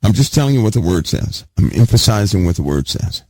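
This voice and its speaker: A man's voice: on the low side, very animated, a little fast, darkish tone, husky, no room sound. A man teaching a Bible sermon emphatically, repeating key words and putting questions to his listeners. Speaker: preacher.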